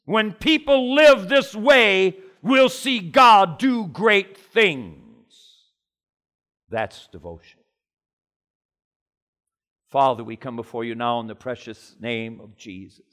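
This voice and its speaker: A male preacher delivers a passionate sermon in a fairly high voice. He builds to loud, soaring peaks of conviction and then sinks into hushed, low prayer. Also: animated, takes it slowly.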